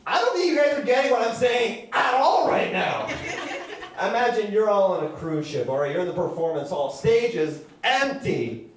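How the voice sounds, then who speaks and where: A man doing a stand-up comedy set with absurd bits and deadpan, meta asides in a small gallery venue. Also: high-pitched, moderate pace. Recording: echoey room, distant mic, loud crowd.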